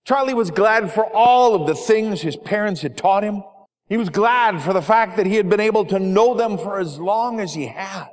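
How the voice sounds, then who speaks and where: Man, slightly high voice, sermon storytelling, gentle, long hall reverb. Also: lively intonation, normal speed. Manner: storytelling, gentle, quiet dips for dialogue.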